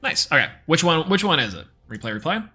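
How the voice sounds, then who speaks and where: A man's voice: on the high side, very animated, brisk, sharp tone, slightly rough, faint music behind. A man streaming a card game live, giving casual, chatty play-by-play and thinking aloud as he plays. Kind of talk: live gameplay commentary.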